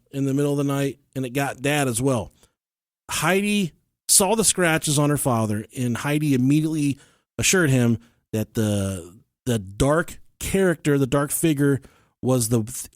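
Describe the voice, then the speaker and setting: Male podcast host, casual storyteller, salty and jokey, mid-pitched voice, dry close sound. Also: lively intonation, normal speed, darkish tone, no echo. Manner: profane, joking, laughs often while telling.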